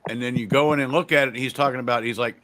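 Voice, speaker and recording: A man's voice: mid-range voice, racing. Profane, rambling podcast host man. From Virginia. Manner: profane, rambling, animated storytelling. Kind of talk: casual panel chat.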